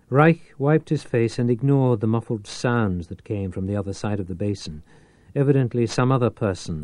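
A man's voice: lowish voice, darkish tone, dry recording. A man narrating a thriller audiobook in a dramatic, tense reading with shifting pace. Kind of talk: scripted narration.

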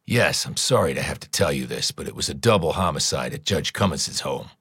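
A calm, blunt federal investigator, voiced by a male narrator, deep and measured, giving hard news without fuss. The sound is dry and close to the mic. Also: slightly rough, no room sound, exaggerated voice. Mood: grave. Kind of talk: audiobook character voice.

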